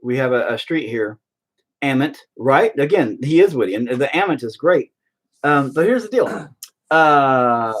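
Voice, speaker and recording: A man's voice: mid-range voice, animated, measured pace. A middle-aged man hosting a painting video, chatting casually and ranting with heavy profanity in exasperation. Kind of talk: casual chat while painting.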